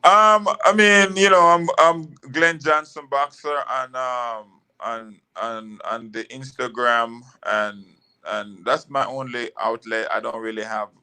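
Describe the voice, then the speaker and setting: A man with a gravelly, bright voice, talking as a guest in a casual interview. He tells his stories in a loose, rambling way and leans on fillers. His voice has a worn, rough grain. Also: mid-range voice, slow pace. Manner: relaxed, rambling storytelling with fillers. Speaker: guest, former boxer.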